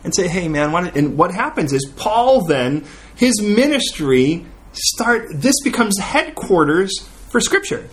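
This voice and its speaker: A middle-aged man preaching a sermon as a pastor, telling stories with lively acted-out quotes. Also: high-pitched, measured pace. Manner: animated storytelling, acts out quoted prayers.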